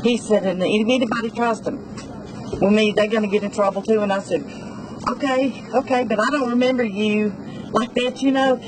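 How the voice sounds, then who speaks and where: A woman, a convenience store clerk recounting her story for a news interview. She tells it in an animated way, acting out each line of dialogue. The field recording carries clear background noise. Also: a little high, moderate pace.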